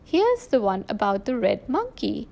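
A patient mother pig who speaks gently and reassuringly, with a lilting, animated voice, as a woman reader puts her on. It reads like a bedtime storybook. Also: medium pitch, measured pace, creaky. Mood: gentle.

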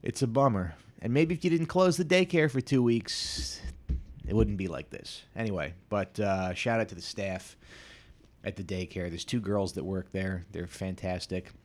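A man's voice: fairly low pitch, moderate pace. A man in his thirties hosting a casual solo podcast, telling rambling, self-deprecating stories full of asides and restarts. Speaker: podcast host.

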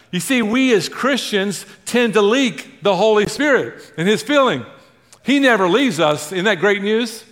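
A male pastor preaching a sermon to a congregation, drawing responses and swinging from loud emphasis to hushed. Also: high-pitched, animated, normal speed, in a large hall.

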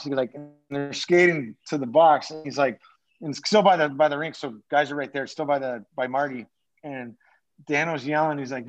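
A man's voice: a little high, normal speed. A man who is a former pro hockey player, telling stories as a podcast guest in a rambling, profane way full of restarts. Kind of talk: casual storytelling. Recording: dull lo-fi sound.

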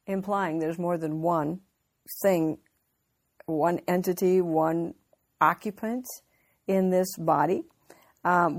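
A woman preaches in a conversational, earnest way, working through scripture off the cuff. Her voice sits on the lower side for a woman. She stops and restarts as she thinks aloud. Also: fairly even intonation, measured pace. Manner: unscripted, with frequent fillers and restarts, earnest. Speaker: Bible teacher. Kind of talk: conversational sermon.

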